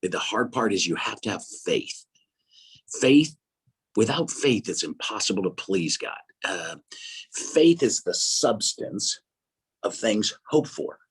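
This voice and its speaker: A man telling lively faith stories in a casual talk, with an excitable manner, acting out the voices he quotes. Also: lowish voice, slow pace, slightly rough. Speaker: guest speaker.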